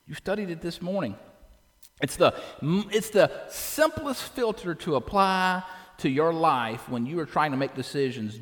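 An animated male pastor preaching a sermon, with a fairly high voice. He poses questions to the congregation, and his words ring out with a long reverb from a large church hall.

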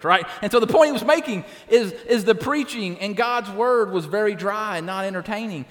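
A man's voice: sits high, lively intonation, brisk, few pauses, a bit bright, in a large hall. A man preaching a sermon as pastor, conversational and direct, often tagging his points with "right?". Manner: conversational, tags lines with "right?". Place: church.

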